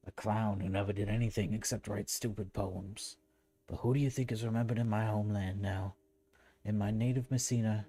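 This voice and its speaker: A man voicing a proud, boastful old Sicilian mafia don, reading his lines in a loud, slow, grand storytelling delivery. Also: fairly low pitch, close to an everyday voice.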